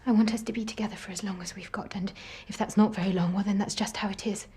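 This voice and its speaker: An actress playing a devoted, determined young woman in a film clip, speaking softly and breathily, often near a whisper. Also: mid-range voice, fairly even intonation, fast, slightly rough. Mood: tender. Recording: film clip with loud music underneath. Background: loud film score.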